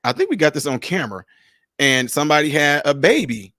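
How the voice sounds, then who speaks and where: Guy hosting a livestream, kinda high voice, dry close sound, laughs a lot telling stories. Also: brisk, no room sound. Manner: animated storyteller, laughs often. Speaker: livestream host. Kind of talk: casual chat on a livestream.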